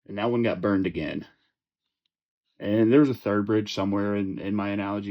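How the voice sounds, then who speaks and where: Young male podcast host, low-pitched, rambling and profane, dull lo-fi audio. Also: fairly even intonation, fairly quick. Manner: profane, joking, rambling with many fillers and restarts. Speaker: fantasy football podcast host. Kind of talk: casual ranting chat.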